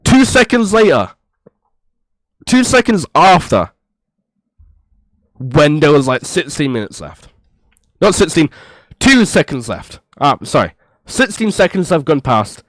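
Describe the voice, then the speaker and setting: Slow, exasperated guy reacting to clips. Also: fairly high pitch, sing-song, no echo. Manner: exasperated, rambling, with restarts. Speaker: reaction streamer. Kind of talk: casual reaction commentary. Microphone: low-quality mic.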